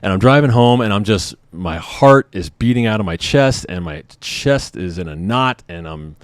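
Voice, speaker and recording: A man's voice: lowish voice, animated, moderate pace, dry recording. A man in his thirties, a service member, venting in a confessional vlog in an emotional, agitated and profane way. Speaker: military member vlogger.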